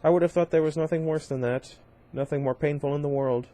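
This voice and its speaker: A man's voice: a little high, steady tone, quick pace, dark tone. A man reading a novel aloud in an informal way, with small slips, restarts and brief asides. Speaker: reader.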